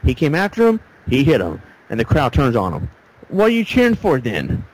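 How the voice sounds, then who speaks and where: A man's voice: wildly swooping pitch, fairly quick, a little mellow. A man hosting a casual talk show, rambling through stories and acting out what people said. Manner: rambling storyteller, acts out quotes. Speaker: podcast host. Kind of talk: casual chat. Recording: faint background noise, low-quality audio.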